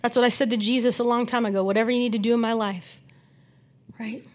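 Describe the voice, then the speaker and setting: A woman preaching a sermon, animated, moving between loud emphasis and soft near-whispered asides, chatting with the congregation now and then. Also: a little high, fast.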